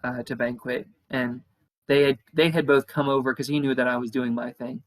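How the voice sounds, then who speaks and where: A man's voice: medium pitch, steady tone, normal speed, rough recording. A young man telling a long casual story, with many fillers and restarts. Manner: chatty, rambling with many fillers and restarts, acts out quoted voices. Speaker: podcast co-host.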